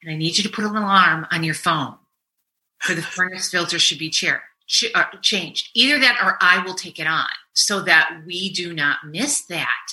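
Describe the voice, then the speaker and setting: A woman's voice: fairly low pitch, normal speed. A middle-aged woman co-hosting a podcast, telling exasperated stories in casual chat and swearing freely. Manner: animated, exasperated storytelling with swearing. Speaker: podcast co-host.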